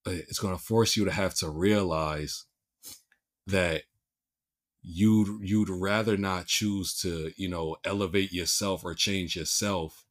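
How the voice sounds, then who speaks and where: A man's voice: sits low, steady tone, slow pace. A male podcast host with a Philadelphia accent, chatting casually and restarting his sentences often with repeated words.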